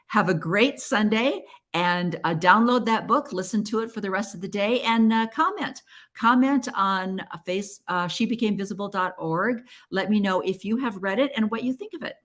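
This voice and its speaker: A woman's voice: mid-range voice, fairly bright tone. A woman hosting a podcast, talking in an earnest, chatty and encouraging way. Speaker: podcast host. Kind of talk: casual solo podcast talk.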